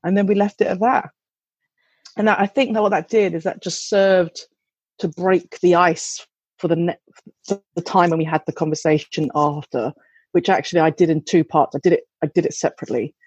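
A woman's voice: on the low side, fairly even intonation, a little fast, darkish tone, husky, dry recording, highs cut off. A woman, a mother, telling a candid, chatty anecdote with some swearing and restarts. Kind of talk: casual anecdote.

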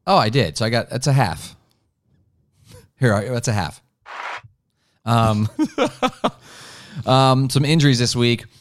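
A man's voice: medium pitch, takes it slowly, long pauses, a little hiss or hum. A man co-hosting a casual sports podcast, rambling with lots of "like" and "um" as he runs through picks. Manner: rambling, full of "like" and "um". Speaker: podcast co-host.

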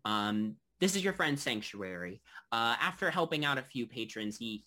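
A man narrating as game master of a tabletop game, halting and loose, with many fillers. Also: lowish voice, sing-song, sharp tone.

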